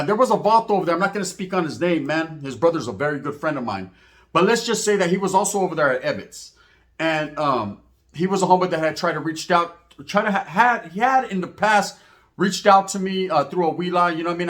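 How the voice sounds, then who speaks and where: A man from Merced telling a story in casual talk, slangy and animated, acting out the people in it. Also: a little high. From Merced, California. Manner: slangy, animated, acts out quotes in voices.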